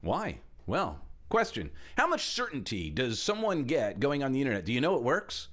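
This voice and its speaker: Speaking at a normal pace with a mid-range voice, this middle-aged trainer gives a lively motivational talk. His delivery alternates between booming emphasis and quiet asides, and he performs the quoted voices himself.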